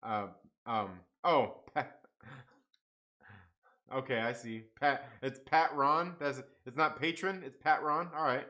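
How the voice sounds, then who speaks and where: Bright-voiced man rambling on a live stream. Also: mid-range voice, slow pace, long pauses. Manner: rambling, swears a lot, laughs often, reads chat aloud. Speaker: host of a live comics stream. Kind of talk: casual live-stream chat.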